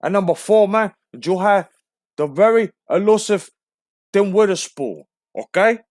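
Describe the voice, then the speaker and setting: A guy putting on a cocky cuban gangster voice, trash-talking, pitched up high, bone-dry sound. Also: darkish tone, dry recording. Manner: brash, taunting, ends phrases with "man". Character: swaggering foul-mouthed male Cuban gangster.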